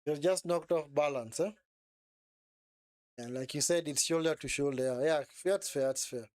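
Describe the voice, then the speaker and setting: A man's voice: a little high, normal speed, dry recording, clean studio sound. A man hosting a live football watchalong, reacting to the play as it happens, repeating phrases and tagging sentences with "eh?". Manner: excitable, repeats phrases, frequent tag "eh?". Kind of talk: live match commentary and chat.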